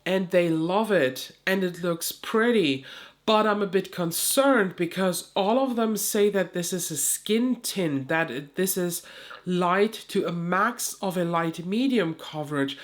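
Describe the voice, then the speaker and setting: A woman with a nasal, stuffy voice, chatting candidly to camera as a beauty vlogger, swearing now and then. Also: medium pitch. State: stuffy nose, sweating. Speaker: beauty youtuber. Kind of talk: casual chat to camera.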